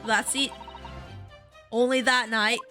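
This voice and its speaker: A woman voicing a scrappy young street urchin girl in a put-on Cockney accent that slips toward Southern US, talking in cheeky, slangy, rough-grammar speech. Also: on the high side, little pitch movement, takes it slowly, bright, forceful tone, faint music behind. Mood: defensive. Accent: put-on Cockney, drifting toward Southern US. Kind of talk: reading game dialogue aloud.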